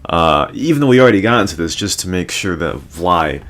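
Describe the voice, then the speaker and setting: Very deep-voiced man rambling in chat. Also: lively intonation, a little fast, a bit bright. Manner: rambling, many fillers, laughs often. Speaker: podcast host. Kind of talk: casual chat.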